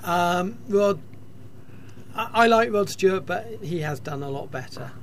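A man on a radio show giving brief, soft-spoken opinions. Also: sits high, expressive, a little slow, a little hiss or hum. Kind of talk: casual radio chat.

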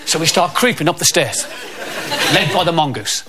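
A man telling a stand-up comedy anecdote in an animated way, acting out the characters as he goes. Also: a little high, moderate pace, a crowd in the background. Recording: loud background noise.

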